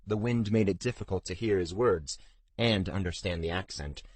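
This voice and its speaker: A man with a very low voice reads a fantasy audiobook in a measured, steady way. The recording is dry and close, with no room sound. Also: dry recording. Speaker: audiobook narrator. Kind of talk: scripted fantasy narration.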